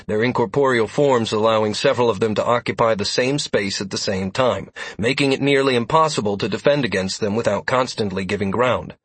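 A man narrating a fantasy adventure in first person, in a steady storytelling manner. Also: lowish voice, slightly rough, no echo. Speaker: audiobook narrator.

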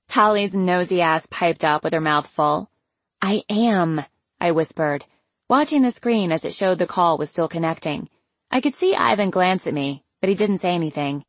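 Woman, audiobook narrator, first-person novel, wry casual telling, lowish voice, dry sound. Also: no room sound.

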